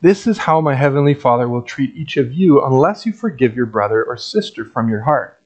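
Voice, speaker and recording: A man's voice: medium pitch, lively intonation, brisk, a little mellow, breathy edge. A man preaching a sermon as a pastor in a conversational, wry way with dry asides.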